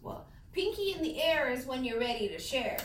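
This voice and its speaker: A woman teaching young pupils with a bright, very high voice, asking question after question and praising their answers. She is picked up from a distance in an echoey classroom, with faint background noise. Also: very animated, moderate pace. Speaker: elementary school teacher. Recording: echoey classroom, mic far off.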